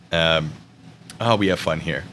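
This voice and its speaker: A man's voice: fairly low pitch, sharp tone, a little hiss or hum. A man chatting casually on a livestream, rambling and joking as he thinks aloud. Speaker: streamer.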